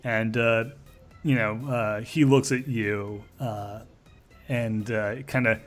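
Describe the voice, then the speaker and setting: A man's voice: lowish voice, steady tone, slow pace, soft background music. A man narrating a tabletop role-play as game master, rambling with lots of fillers and restarts.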